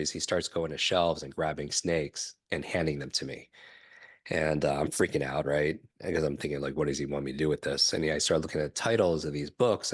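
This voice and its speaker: Middle-aged male guest with a very deep voice, lively storytelling, acting out dialogue. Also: dry recording, studio quality. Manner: animated storyteller, acts out quoted voices, frequent "right?". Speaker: podcast guest. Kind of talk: storytelling in a conversational interview.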